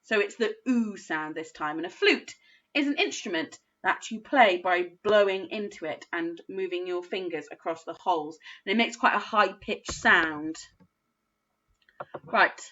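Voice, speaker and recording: A woman teaching a phonics lesson to young children, sounding out words slowly and praising often. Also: on the low side, bright, forceful tone, muffled recording. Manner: slow, sing-song sounding out of words, encouraging. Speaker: primary school phonics teacher.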